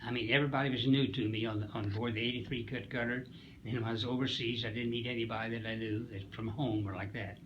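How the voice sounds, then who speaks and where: Over a noisy background and dull audio, a man in his nineties talks fast in a medium pitch with little pitch movement. He's a wartime Coast Guard veteran from Springfield, Missouri, USA, sharing stories in an interview with a folksy, rambling, hesitant delivery.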